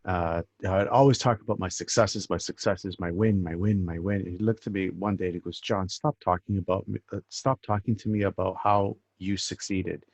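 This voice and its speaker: A man's voice: sits low, steady tone, moderate pace, few pauses, no room sound. A man interviewing a guest in a reflective, casual way, repeating phrases for emphasis. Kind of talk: casual conversation. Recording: dull, dry, muffled sound.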